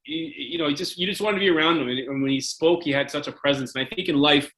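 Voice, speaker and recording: Man in his forties, bright-voiced. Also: on the high side, quick pace, low-quality recording. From Canada. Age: 40s. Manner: rambling, many fillers and restarts, laughing. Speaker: guest, former hockey player. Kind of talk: casual storytelling.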